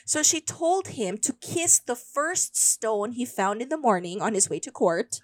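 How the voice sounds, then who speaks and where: Lady host spinning a folk tale, chatty, higher voice, dry close sound. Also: sing-song, a little slow, hardly any pauses, no echo. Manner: chatty, switches into Tagalog mid-sentence. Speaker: podcast host. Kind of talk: casual storytelling chat.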